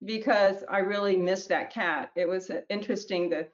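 Author lady reading her kids' book out loud, gentle and plain, slightly muffled lo-fi audio. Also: medium pitch, moderate pace. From New Mexico, US. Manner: gentle storybook narration with small slips.

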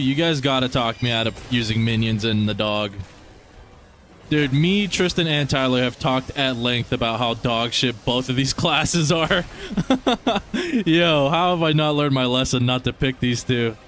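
A young man giving casual gameplay commentary as he plays, excitable, swearing often and talking to his viewers. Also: mid-range voice, slight background noise. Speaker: gaming streamer.

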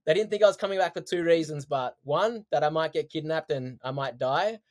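A man, a podcast guest telling his story in casual, animated chat, laughing often. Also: fairly high pitch, brisk. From Australia.

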